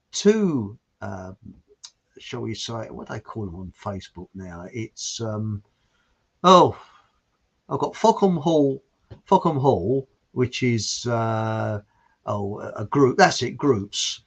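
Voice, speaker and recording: A man with a medium-pitched voice and some vocal fry hosts a livestream show, chatting casually and reading viewer comments aloud. He rambles, restarts loosely, and chuckles along the way. The stream audio is dull and lo-fi.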